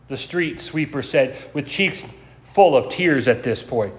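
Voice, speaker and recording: A man preaching a sermon as pastor, telling a story in a measured way and slowing down to stress key words. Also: medium pitch, expressive. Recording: long church reverb.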